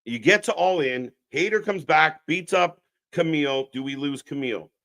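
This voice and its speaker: This man's fairly high, creaky, slightly bright voice moves at normal speed. He hosts a live wrestling watch-along, talking to chat with blunt, sarcastic, heavily profane riffs as unscripted alternative commentary.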